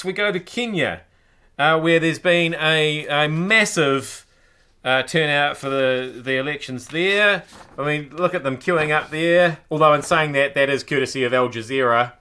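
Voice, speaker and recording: A man with a New Zealand accent hosting a comedic news commentary show, sarcastic and playful, with sudden high-pitched outbursts. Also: bright, forceful tone. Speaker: host.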